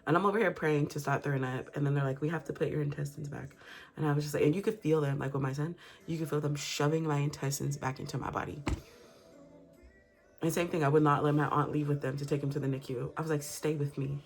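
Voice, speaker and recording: Low-voiced candid woman vlogger. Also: steady tone, quick pace, gravelly. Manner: candid and profane, acts out quotes. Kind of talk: casual storytelling to camera.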